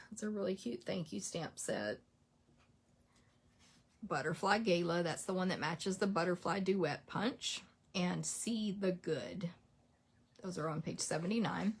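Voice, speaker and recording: A chatty woman rattles through a list in a relaxed, casual rundown. Her fairly low voice has a gravelly, husky edge. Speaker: craft product demonstrator.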